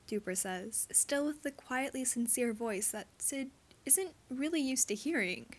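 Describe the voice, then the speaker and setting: A woman's voice: a little high, normal speed. Woman reading a story aloud. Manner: steady storytelling narration. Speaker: reader. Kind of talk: fan fiction read aloud.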